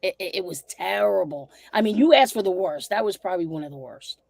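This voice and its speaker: A woman's voice: medium pitch, brisk, gravelly, no room sound. A woman martial arts school owner telling stories bluntly and animatedly in a casual podcast interview. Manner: animated, blunt, repeats herself when indignant.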